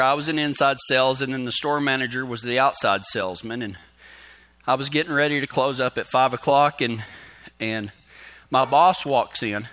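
A middle-aged man, calling in to a radio show and telling a story in a halting, animated way, acting out the dialogue. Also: medium pitch. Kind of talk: casual storytelling.

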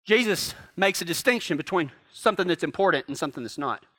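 A folksy middle-aged preacher with a drawl and a high, bright, forceful voice. He spins a story for his congregation and jokes along the way as he preaches. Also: lively intonation, fast. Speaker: pastor. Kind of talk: sermon.

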